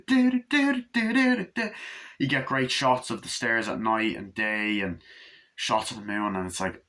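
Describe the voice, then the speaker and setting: This movie reviewer has a fairly low voice that sounds strained and bright. His casual monologue about a film wanders all over the place, full of gushing enthusiasm and constant swearing.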